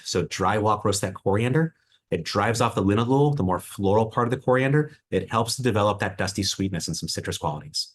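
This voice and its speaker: Deep-voiced male distiller hosting a tasting. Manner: enthusiastic, reflective, with many fillers and restarts. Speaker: head distiller. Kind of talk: presenting a virtual tasting.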